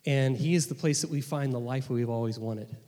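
Male pastor, mid-pitched, earnest sermon delivery with restarts, church hall with long reverb. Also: brisk, mellow. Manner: earnest, repeats words when restarting.

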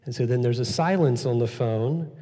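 A male pastor delivers an Easter sermon in a relaxed, conversational way, often repeating his main lines and filling pauses with "uh" and "um." His voice is warm and mellow, and it rings out with the long reverb of a church hall. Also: mid-range voice. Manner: conversational, repeats key phrases, frequent fillers. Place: church sanctuary.

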